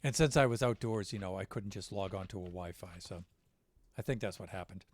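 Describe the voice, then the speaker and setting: Low-voiced American man chatting to stream viewers. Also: fairly quick. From United States. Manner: rambling, with many fillers and restarts. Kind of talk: casual chat with stream viewers.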